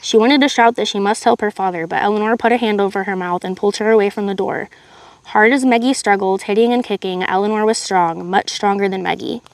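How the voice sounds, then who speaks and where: A woman reading a novel aloud on a live stream in a steady voice, with chatty asides to her viewers. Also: mid-range voice, brisk, dry recording. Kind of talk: live read-aloud narration.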